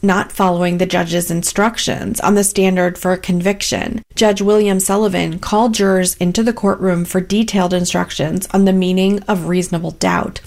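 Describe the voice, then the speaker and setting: A woman station reporter reading a scripted court news report in a measured way. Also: fairly low pitch, darkish tone.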